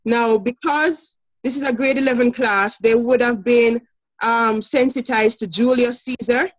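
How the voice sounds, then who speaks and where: Jamaican woman, teacher, brisk and encouraging, slightly high voice, muffled call audio. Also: fairly even intonation. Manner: brisk, encouraging, laughs often. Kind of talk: online classroom lesson.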